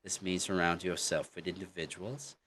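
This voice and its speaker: A man's voice: low-pitched, steady tone, moderate pace, a bit bright, a little hiss or hum. A man teaching an online English lesson, chatty and encouraging, who keeps saying "okay" and "you know". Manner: encouraging, coaching tone.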